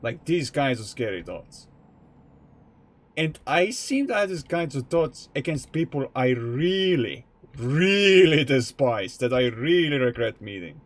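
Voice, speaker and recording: A man's voice: medium pitch, very animated, unhurried. A young man streaming live from home, chatting casually while he plays, rambling candidly and swearing freely as he thinks aloud. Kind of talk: casual live-stream chat while playing a truck game.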